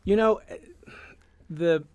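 A man with a softened Southern US accent chats as a radio guest, rambling and restarting his sentences. His voice sits a little high. The studio sound is close and dry. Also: very slow, clean tone, no room sound. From American South. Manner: rambling, many restarts, animated. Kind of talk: casual radio conversation.

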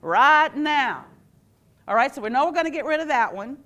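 A woman teacher gives an animated workshop talk, quizzing her audience and acting out phrases. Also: sits high, moderate pace. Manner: animated, quizzes the audience with call-and-response questions; acts out quoted phrases in playful voices. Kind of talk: live interactive workshop talk.

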